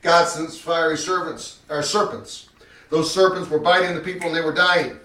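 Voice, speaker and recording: Male preacher, higher-pitched, emphatic sermon delivery that swings loud to hushed; recorded at a distance. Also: flat delivery, normal speed. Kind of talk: sermon with scripture reading. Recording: echoey room, mic at a distance.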